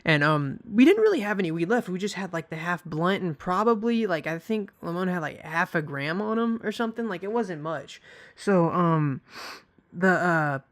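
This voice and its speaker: A man's voice: sits high, animated, normal speed, fairly bright tone. A young man telling a story casually, rambling and swearing, with many fillers and restarts. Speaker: vlogger.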